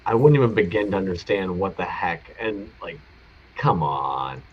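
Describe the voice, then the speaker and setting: A man's voice: low-pitched, lively intonation, moderate pace, slightly rough, highs cut off. A man co-hosting a casual livestream chat, laid-back and rambling, swearing freely. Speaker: co-host.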